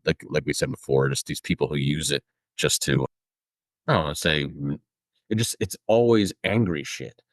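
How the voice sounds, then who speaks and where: A man's voice: extremely low pitch, moderate pace, no room sound, clean studio sound. A man in his thirties co-hosting a podcast, telling a rambling story in casual chat with lots of fillers. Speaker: podcast co-host.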